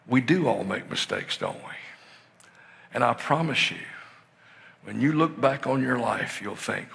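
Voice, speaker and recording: An older man preaching a sermon, telling stories that swing from hushed to excited shouting. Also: mid-range voice, measured pace, vocal fry, pauses often. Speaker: pastor. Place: church sanctuary. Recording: long hall reverb in a church.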